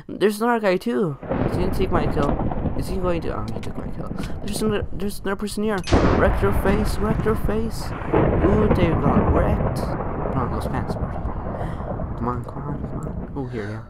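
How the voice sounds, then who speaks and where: Excitable young man commenting on gameplay. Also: high voice, normal speed, very noisy. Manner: excitable, chatty, talks to his teammate and foes while playing. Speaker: gaming channel host.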